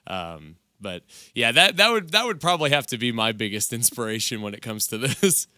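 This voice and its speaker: Earnest man with a bright voice. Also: medium pitch, sing-song, dry recording, clean studio sound. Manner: earnest, halting. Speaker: voice actor. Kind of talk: casual interview answers.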